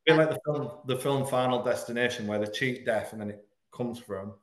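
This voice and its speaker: Frank man in an echoey room. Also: medium pitch. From Hull, England. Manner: frank, earnest, halting at painful moments. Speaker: podcast guest. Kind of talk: candid personal storytelling in an interview.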